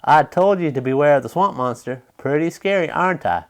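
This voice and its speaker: A man's voice: a little high, lively intonation, brisk. A man voicing a teasing young duck in a monster costume. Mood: playful, teasing. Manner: teasing, bouncy.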